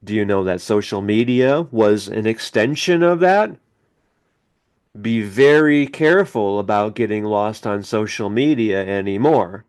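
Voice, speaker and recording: A man's voice: on the low side, a little slow, darkish tone, clear, resonant tone. Emphatic man leading chanted mantras. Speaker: podcast host. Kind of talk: motivational self-help talk.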